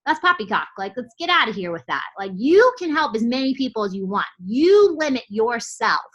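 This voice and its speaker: Woman coach, fired-up training talk, blunt and casual, bright tense tone, slightly high voice. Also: sing-song, a little fast, lo-fi sound. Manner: fired-up, blunt, casual with swearing and many "like" fillers. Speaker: team coach leading a training. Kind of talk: motivational team training talk.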